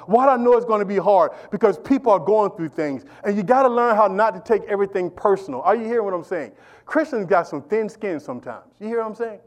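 A middle-aged man preaching a sermon as pastor, animated and repetitive, calling out to the congregation. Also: high-pitched. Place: church.

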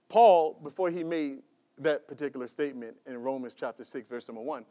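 High-voiced preacher, emphatic. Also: male voice, a little mellow. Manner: preaching with rising, emphatic calls to the congregation. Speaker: pastor. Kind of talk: sermon.

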